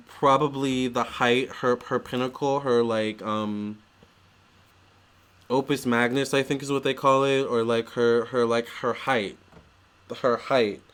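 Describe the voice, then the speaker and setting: A man's voice: mid-range voice, a bit bright, clear, resonant tone. A young man vlogging in a chatty, gushing way, full of fillers and restarts. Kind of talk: casual storytelling vlog.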